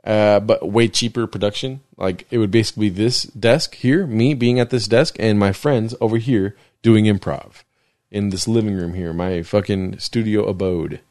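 A man's voice: on the low side, moderate pace, darkish tone, dry recording, clean studio sound. A young man hosting a casual solo podcast from a desk in his living room, rambling, joking and swearing, and slipping into mock voices. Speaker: podcast host.

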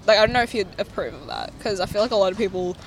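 A woman's voice: medium pitch, sing-song, very fast, slight background noise, poor audio. A young woman hosting a casual outdoor student podcast, chatty and laughing often, rambling as she talks. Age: young adult. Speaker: student radio host. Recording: crowd chatter in background.

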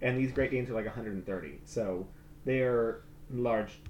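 A man's voice: medium pitch, normal speed, a little mellow, echoey room, a little hiss or hum. A man in his twenties co-hosting a casual podcast, rambling and laughing often as he tells stories. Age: 20s. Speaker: podcast co-host. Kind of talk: casual chat with ad reads.

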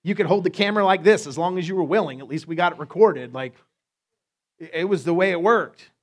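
A male pastor preaching a sermon in a playful, joking manner with quick asides to the congregation. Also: sits high.

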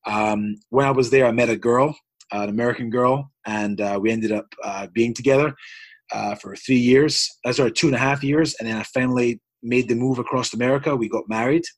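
Husky man telling a rambling story. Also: mid-range voice, fairly even intonation, brisk, no room sound. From Scotland. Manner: earnest, rambling storyteller with frequent restarts. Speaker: basketball coach, interview guest. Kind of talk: long personal storytelling in an interview.

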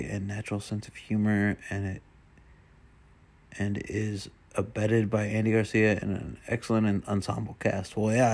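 Male vlogger, low and gravelly, loose rambling delivery with frequent swearing. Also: darkish tone. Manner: rambling, swears often, mutters to himself. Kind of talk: casual solo chat while browsing.

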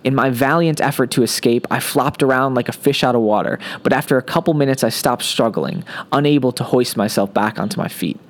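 A man's voice: medium pitch, brisk, hardly any pauses. A man hosting a podcast, reading aloud from his own comic science-fiction story in a playful, wisecracking manner. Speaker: podcast host and fiction author.

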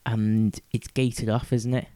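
A man's voice: fairly low pitch, little pitch movement, takes it slowly, warm tone, clear, resonant tone, dry recording. A man co-hosting a podcast, recounting a day out in casual chat, checking in with tag questions. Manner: chatty, checks with tag questions, laughs a lot. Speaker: podcast co-host.

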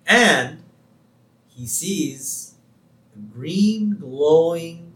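A man's voice: on the high side, expressive, extremely slow, fairly bright tone, recorded from a distance. A man co-hosting a podcast, enthusiastically recapping a cartoon episode and laughing often. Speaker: podcast co-host. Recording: echoey room, set back from the mic.

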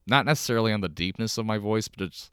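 A young man with a Chicago accent hosts his podcast alone from his couch. His low voice is smooth and resonant, and the sound is close and dry with no room echo. He rambles and swears freely, poking fun at himself. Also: fast talker, a bit bright. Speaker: podcast host. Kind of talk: casual solo podcast rambling. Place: home, on a couch.

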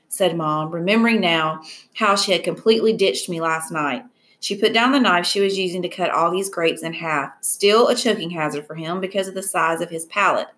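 Woman, audiobook narration, low pitch, measured, even. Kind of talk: scripted narration.

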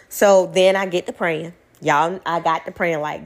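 A young woman, telling a personal story to her viewers in a blunt, animated way, swearing freely. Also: lowish voice, unhurried.

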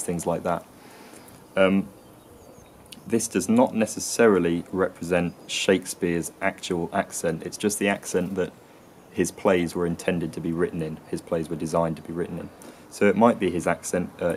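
A man explains the history of English accents in a casual teaching tone. His voice is very low and barely moves in pitch. He pauses often and fills the gaps with ums and restarts. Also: a little mellow, slight background noise. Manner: hesitant, full of ums and restarts. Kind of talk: casual educational talk.

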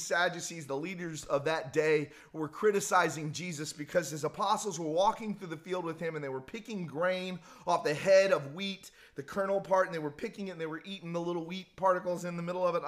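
A man with a somewhat high voice gives a relaxed devotional talk. He tells stories in a folksy, conversational way and often repeats a word while he thinks. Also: a little fast, hardly any pauses. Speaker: devotional speaker.

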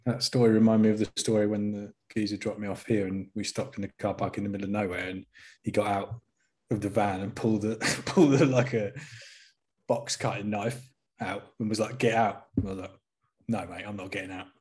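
A man's voice: on the low side, little pitch movement, a little fast, a little mellow. A man in casual chat, chiming in with dry, joking remarks and telling his own story.

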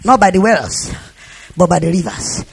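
A man's voice: sits high, moderate pace, vocal fry, a little hiss or hum. A man preaching a sermon, repeating phrases and leading the congregation in call-and-response. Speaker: pastor.

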